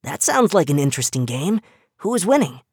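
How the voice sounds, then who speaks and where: A woman voicing a friendly young male dachshund puppy, speaking brightly and eagerly. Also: low voice, big pitch swings, fairly quick, slightly rough, no room sound, clean studio sound, heavily acted.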